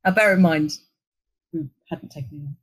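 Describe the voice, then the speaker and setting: Lively woman telling a story. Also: low voice, moderate pace, husky, rough recording. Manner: animated anecdote, acting out quoted lines. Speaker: interview guest, agency executive. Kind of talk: conversational storytelling.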